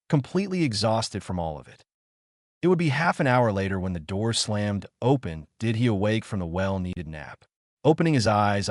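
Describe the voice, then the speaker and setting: Brief: low male narrator, steady fan-fiction reading, dry sound. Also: no echo.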